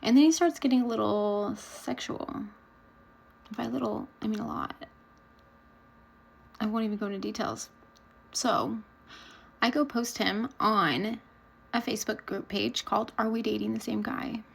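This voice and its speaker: Woman, casual storytelling, candid, blunt, fry in the voice, slightly high pitch. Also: fairly even intonation, unhurried, pauses often, low-quality recording. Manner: blunt, candid, chatty with frequent laughs. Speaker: vlogger.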